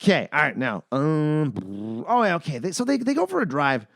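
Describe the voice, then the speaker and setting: Animated man riffing on a movie. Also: a little high, normal speed, gravelly, dry recording, clean studio sound. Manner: animated, mocking, acts out characters' lines. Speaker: podcast host. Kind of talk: casual movie-review chat.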